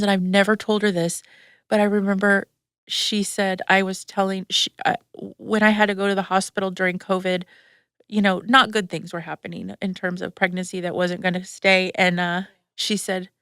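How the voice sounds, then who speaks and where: A woman's voice: medium pitch, fairly bright tone, clear, resonant tone, dry recording, clean studio sound. A woman hosting a podcast, telling a personal story frankly and emotionally, swearing freely and using lots of fillers. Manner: emotional, tearful retelling. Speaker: podcast host. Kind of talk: candid personal storytelling chat.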